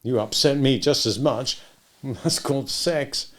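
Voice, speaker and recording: A man's voice: mid-range voice, slow pace, voice pushed up, close to an everyday voice. A man voicing a confident, sarcastic male spy with a cool, bantering manner.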